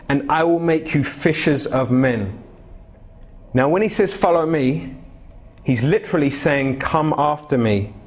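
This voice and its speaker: A young man preaching an expository sermon in a church, talking to the congregation in a conversational, direct way and putting questions to them. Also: mid-range voice. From England. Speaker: pastor.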